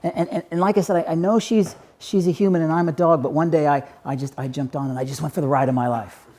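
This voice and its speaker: A man voicing a smitten male dog who confides in a lowered voice. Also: steady tone, fast talker, mellow, close to an everyday voice. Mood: confiding.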